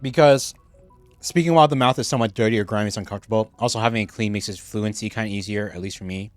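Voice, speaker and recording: A man's voice: fairly low pitch, very fast, no room sound, soft background music. A man streaming a game, chatting casually and rambling with lots of fillers and restarts, sometimes talking while chewing food, into a streaming microphone. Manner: laughs easily, gets excited at game moments.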